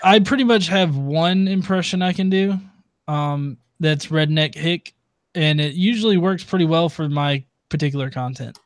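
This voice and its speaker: A man's voice: a little high, moderate pace, no room sound. Earnest man on a dry, close mic. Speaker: podcaster. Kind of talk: casual chat on a video call.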